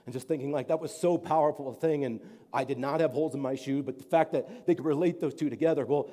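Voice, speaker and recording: A man's voice: on the high side, fast talker, mellow. A man, preaching a sermon as a pastor and telling a story in an earnest, rambling way with many fillers. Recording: long hall reverb.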